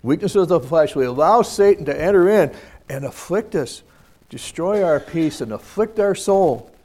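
A man's voice: fairly high pitch, lively intonation, normal speed, a little mellow. A man teaching a scripture lesson, reading verses aloud and then talking them over in a plain, conversational way. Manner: many fillers and restarts.

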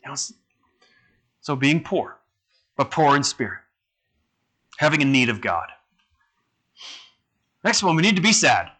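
A man's voice: fairly high pitch, sing-song, measured pace, pauses often, bright, forceful tone. A man preaching a sermon in a conversational way, asking his listeners questions. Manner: conversational, asks the congregation questions.

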